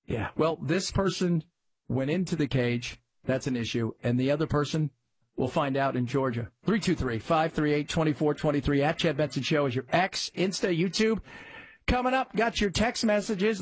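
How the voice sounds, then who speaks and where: A man's voice: moderate pace, husky, no room sound. A man hosting a talk radio show, chatting casually and rambling, his voice jumping up for emphasis. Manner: conversational, rambling, jumps up in pitch for emphasis. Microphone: studio mic.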